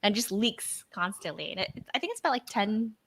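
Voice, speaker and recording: A woman co-hosting a casual live chat, telling a home story in quick, chatty bursts. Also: medium pitch, expressive, husky, rough recording. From Los Angeles area. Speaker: co-host of a live stream chat show.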